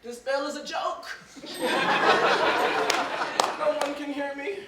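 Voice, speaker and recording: An actor playing a petulant, bossy hypochondriac master in a stage comedy, complaining and wailing theatrically. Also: male voice, extremely high pitch, extremely slow, recorded from a distance, very noisy, exaggerated voice. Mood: grumbling. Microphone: distant room mic. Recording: echoey theater recorded from afar.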